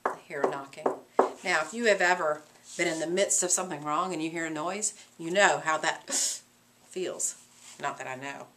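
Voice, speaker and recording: A woman teacher explaining a play to her class in an animated way, asking the class rhetorical questions. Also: deep voice, moderate pace.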